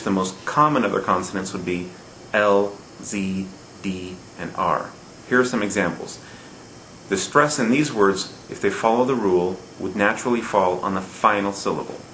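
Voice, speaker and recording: A patient male teacher walks through grammar rules step by step, repeating them and pausing to check that his students follow. His voice sits fairly low. The recording has a roomy echo and a faint background hum. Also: fairly bright tone. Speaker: Spanish teacher. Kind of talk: recorded classroom lesson.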